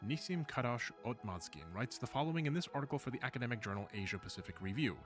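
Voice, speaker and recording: A man narrates a video essay from a script, his pitch rising and falling in an animated way as he moves through the points. His delivery is measured, and he drops in wry asides along the way. Soft music runs faintly underneath.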